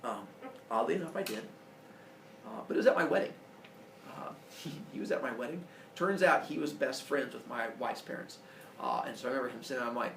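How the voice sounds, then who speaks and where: A man from Indiana telling a personal story at camp in an earnest, confessional way with halting fillers. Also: mid-range voice, vocal fry, fairly bright tone, slight background noise. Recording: echoey room, voice from far off, faint ambience.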